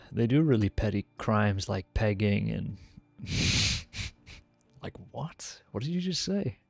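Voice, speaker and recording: A man's voice: lowish voice, slow, vocal fry, husky, no room sound. A man streaming a role-play game, chatting casually and laughing often as he jokes with another player. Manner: laughs often, relaxed and joking.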